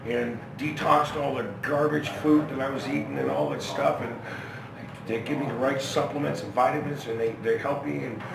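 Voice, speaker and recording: A man's voice: mid-range voice, steady tone, moderate pace, vocal fry, a crowd in the background. A middle-aged man telling rambling, profane stories in a casual interview, with lots of restarts. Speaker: rock singer being interviewed. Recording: echoey, from far off, noisy ambience.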